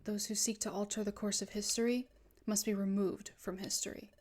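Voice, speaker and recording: A woman reading the lines of a sinister, formal male ghost Pokemon from a video game in a low, hushed voice. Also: little pitch movement, a little fast, close to an everyday voice. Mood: cold, formal.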